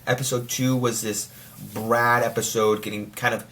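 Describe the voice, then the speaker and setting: A man's voice: medium pitch, normal speed. A young man in casual chat, reviewing a TV show with lots of restarts and fillers, now and then breaking into mock voices. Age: young adult. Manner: rambling, many restarts and filler words; excitable, slips into mock voices.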